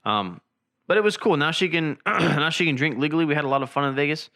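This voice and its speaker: A man's voice: a little high, fast talker, sharp tone. A young man hosting a podcast, telling rambling stories in casual chat, loose and profane. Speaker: podcast host. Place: indoor room, seen on camera.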